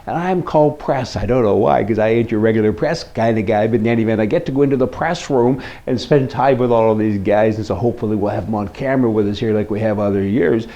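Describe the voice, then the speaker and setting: Gravelly older man, folksy commentary. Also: on the low side, fast, hardly any pauses, warm tone, muffled recording. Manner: folksy, blunt, sarcastic. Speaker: commentary host. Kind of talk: casual political commentary.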